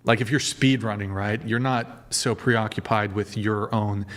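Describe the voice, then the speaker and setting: A man's voice: on the low side, fairly even intonation, measured pace, a bit bright. A man hosting a podcast livestream, chatting casually, rambling and swearing as he talks straight to his viewers. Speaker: podcast host.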